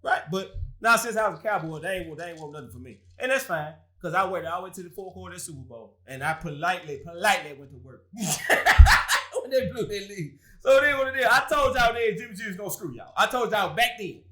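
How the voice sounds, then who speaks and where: A man's voice: sits high, lively intonation, quick pace, bright, forceful tone. A man hosting a casual sports talk show, trash-talking rival fans with frequent laughter.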